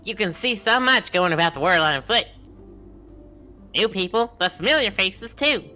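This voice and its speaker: Streamer doing a sunny upbeat mail carrier, bright tone, bouncy, faint game music. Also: mid-range voice, lively intonation, normal speed. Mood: chipper. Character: cheerful mail carrier on morning rounds.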